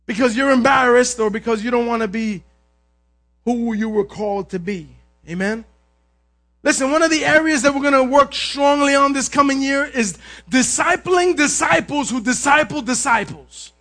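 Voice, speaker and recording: This is a man with a very high, bright voice delivering an energetic sermon as a pastor. He often raises his voice to a shout and asks the congregation for an "amen" as he goes. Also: moderate pace.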